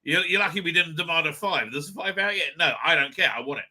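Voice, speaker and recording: A man giving a live reaction review in a very bright, forceful voice that sits a little high. He rambles and restarts, swears freely, and flares into loud outbursts. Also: quick pace. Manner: rambling, profane, stop-start with sudden loud outbursts. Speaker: show host and reviewer.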